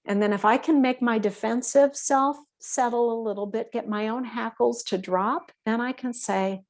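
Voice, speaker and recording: Calm woman with a gravelly voice. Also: a little high, moderate pace, few pauses. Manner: calm, explanatory, checks in with listeners. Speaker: workshop presenter for veterinary staff. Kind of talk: instructional talk.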